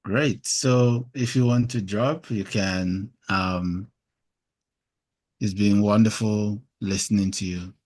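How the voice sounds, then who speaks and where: A man's voice: lowish voice, fairly even intonation, takes it slowly, a little mellow. A man hosting an interview over a video call, effusively thankful and repeating himself. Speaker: host.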